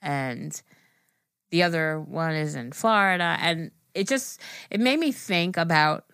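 A woman's voice: deep voice, animated, unhurried, a bit bright, clean tone, no echo, clean studio sound. A woman co-hosting a podcast, chatting casually, laughing often and swearing freely. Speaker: podcast co-host. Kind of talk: casual chat.

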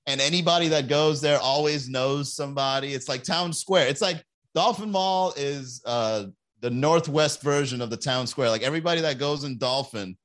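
A young man hosts a loose, chatty podcast stream. He rambles and jokes as he talks, and now and then he slips into quick voices for other people. His pitch sits in the middle range. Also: a bit bright. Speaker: podcast host. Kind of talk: casual livestream podcast chat.

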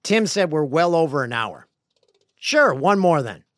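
A middle-aged man hosting a casual podcast, reading listener emails aloud with playful, jokey, rambling asides that swing between loud bursts and quiet mutters. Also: on the high side, big pitch swings, measured pace, no room sound, studio quality. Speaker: podcast host.

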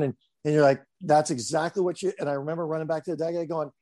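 A man's voice: a little high, fast, few pauses. A man who coaches baseball, talking casually and rambling through stories with lots of fillers. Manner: rambling, relaxed storyteller with many fillers. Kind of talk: casual conversation.

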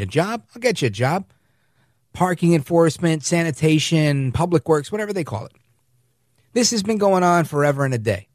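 In a radio studio, a middle-aged political talk show host speaks in a slightly high, somewhat mellow voice, captured at studio quality with no echo. His delivery is emphatic and story-driven, and he performs the quotes he recounts.

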